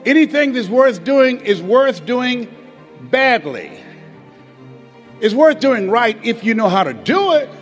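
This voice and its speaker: A man giving a motivational speech, telling stories and swinging between loud exhortation and hushed, confessional moments. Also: very high voice. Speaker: motivational speaker.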